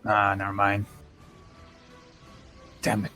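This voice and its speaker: A man's voice: lowish voice, completely flat delivery, slow pace, pushed and bright, faint music behind. A man playing a tabletop game, eager and rambling, full of fillers. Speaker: player. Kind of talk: casual tabletop play.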